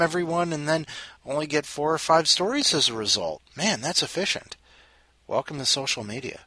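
A man's voice: on the high side, expressive, a little fast, pushed and bright, husky, no echo. A man hosting a casual home show, chatting playfully with his cat between rambling jokes. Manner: rambling, playful, jokey asides. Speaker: podcast host.

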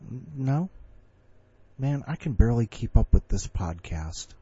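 A man's voice: lowish voice, expressive, normal speed, mellow, slightly rough, dull audio. A man hosting a podcast in casual comedic banter, rambling through jokey, self-deprecating asides. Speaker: podcast host.

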